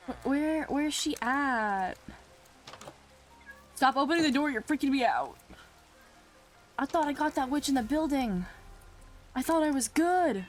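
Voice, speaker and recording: A young woman hosting a game video, chatting casually and talking back to the game's creatures in a flustered, exclaiming way. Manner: flustered, talks to the game's mobs, swings from exclaiming to low muttering. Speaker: Minecraft let's play host.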